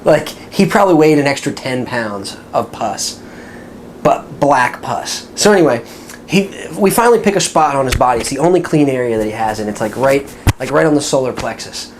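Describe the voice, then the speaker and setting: Middle-aged former tattoo artist, easygoing offhand storyteller, mid pitch. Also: moderate pace, a little hiss or hum. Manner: relaxed, offhand, profane. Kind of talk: casual storytelling.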